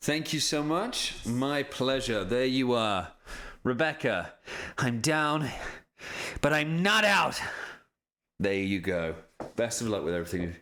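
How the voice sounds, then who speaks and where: A man's voice: medium pitch, expressive, a little slow, fairly bright tone. A man chatting casually on a live stream while signing prints, self-deprecating and swearing often.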